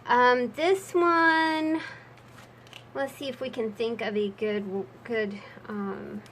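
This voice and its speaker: A woman's voice: fairly high pitch, steady tone, takes it slowly, a bit bright, slight background noise, poor audio. A woman talking through her handmade journals in a casual crafting vlog, chatty and prone to rambling asides.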